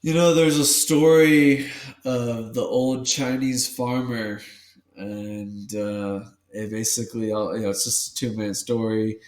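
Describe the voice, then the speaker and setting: A man talks in a casual podcast chat, rambling and animated, often restarting his sentences. He sounds hyped up and a little removed from the microphone, in a noticeably echoey room. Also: mid-range voice, a little slow, distant mic. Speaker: podcast co-host. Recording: echoey room, away from the mic.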